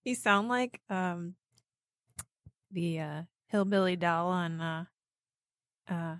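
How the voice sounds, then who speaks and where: A woman's voice: on the low side, slow pace, dry recording, studio quality. A woman co-hosting a podcast, chatty and rambling as she tells stories. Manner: chatty, laughing, rambling storyteller. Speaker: podcast co-host. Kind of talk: casual chat.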